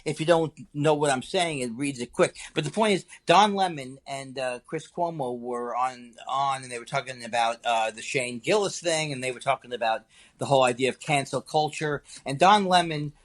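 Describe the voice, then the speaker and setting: A middle-aged man, a comedian guest, chatting in an interview with animated, stammering, self-deprecating asides. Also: medium pitch, normal speed. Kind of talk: casual interview chat.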